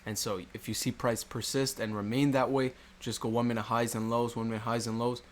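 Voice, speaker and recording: Male educator, mid-pitched, steady and repetitive, slight background noise. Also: fairly quick. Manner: rhetorical questions, repetitive explaining. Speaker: trading educator. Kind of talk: screen-recorded chart walkthrough.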